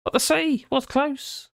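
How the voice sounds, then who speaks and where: A live streamer who is worn out and mumbling, with a gravelly, creaky voice. The sound is dry and close, with no room around it. Talks casually, rambling and restarting while reading out comments. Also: high voice, fairly bright tone, dry recording. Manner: rambling, halting, with many restarts. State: tired and mumbling.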